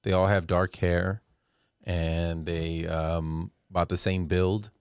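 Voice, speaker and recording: A fairly low-voiced man trades stories on a comedy podcast, hesitating and restarting as he goes. The mic is close and dry. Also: level tone, takes it slowly, smooth, no room sound. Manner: stumbling, stop-start storytelling with many hesitations. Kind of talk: casual podcast chat.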